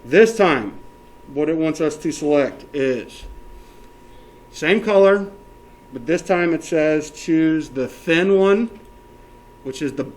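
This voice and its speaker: A male teacher with a voice on the high side walks a class through a software lesson step by step. He often checks that everyone is keeping up and counts the options out loud.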